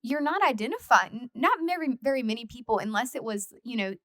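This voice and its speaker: Woman hosting a podcast, bright voice, thoughtful questions, lots of mm-hmms. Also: a little high, expressive, fairly quick, dry recording, clean studio sound. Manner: reflective, affirming, frequent backchannel. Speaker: podcast host. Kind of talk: conversational interview.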